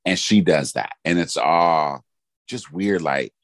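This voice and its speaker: A man's voice: low voice, lively intonation, slow pace, a bit bright, dry recording. A man co-hosting a casual chat podcast, agreeing animatedly and restarting his sentences often. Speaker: podcast co-host.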